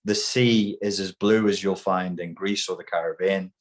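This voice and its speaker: A man's voice: deep voice, steady tone, normal speed. A man as an interview guest, talking emphatically and mockingly, with plenty of swearing. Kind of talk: heated opinionated talk.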